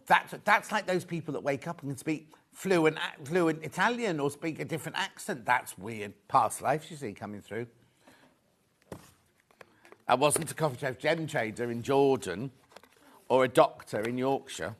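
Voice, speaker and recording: A man's voice: mid-range voice, normal speed, a bit bright. A man hosting a live shopping show, chatting casually, joking with the crew and reading out viewer messages. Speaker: shopping channel host.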